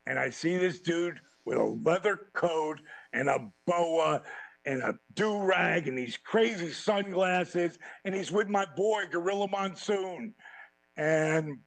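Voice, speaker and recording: A man as a podcast guest telling profane, animated stories and acting out quotes. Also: on the high side, takes it slowly, vocal fry, no room sound, rough recording. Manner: animated, swearing freely, acts out quotes. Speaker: podcast guest, former wrestling champion. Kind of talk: profane storytelling in a podcast interview.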